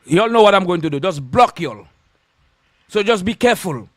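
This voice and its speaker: A man's voice: high-pitched, animated, moderate pace, no echo, studio quality. A man with a Saint Lucian accent, a radio host delivering a confrontational on-air rant full of insults and repeated warnings.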